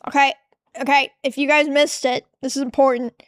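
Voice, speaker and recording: A woman's voice: high voice, level tone, normal speed, no room sound, clean studio sound. A woman streamer chatting casually while reacting to clips, exasperated and swearing freely, often trailing off.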